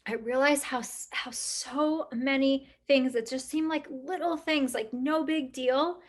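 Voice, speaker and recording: A middle-aged woman with a fairly high voice co-hosts a casual talk. She thinks out loud in long, winding sentences, full of "like" and "you know", and breaks into animated quoted remarks. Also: unhurried. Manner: rambling and reflective, many fillers, lively quoted asides. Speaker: podcast co-host. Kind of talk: casual chat.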